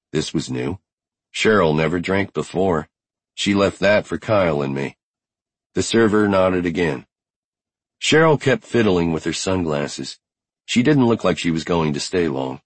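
A man reads a first-person novel in a measured, unhurried way. His voice is very deep and a little husky. It is recorded close and dry. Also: dry recording. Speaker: audiobook narrator. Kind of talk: first-person audiobook narration.

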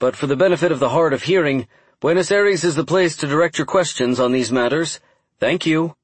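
A man voicing a calm, curt male government spokesman brushing off the press. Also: medium pitch, fairly quick, no room sound, close to an everyday voice.

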